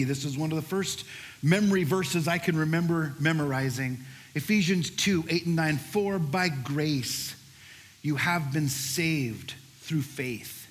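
A middle-aged male pastor preaching a sermon, telling a lively personal story before moving into scripture. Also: fairly high pitch, slight background noise. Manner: animated storyteller, shouts during the story's peaks.

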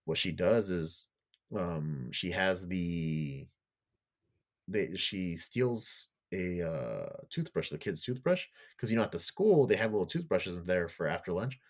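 Man, deep voice, casual podcast chat, swears a lot, rambling plot recap. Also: animated, measured pace. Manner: loose, profane storytelling; acts out characters' lines in a raised voice. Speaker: podcast co-host.

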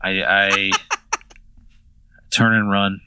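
A man's voice: low-pitched, little pitch movement, very slow, bright, forceful tone. A man hosting a podcast, reacting with incredulous, exasperated swearing. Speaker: podcast host. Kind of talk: casual comedic chat.

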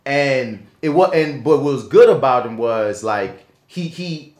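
A man's voice: medium pitch, unhurried. New Orleans man telling a story in an echoey room. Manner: animated storyteller, swearing, slangy. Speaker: podcast co-host. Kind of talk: casual chat.

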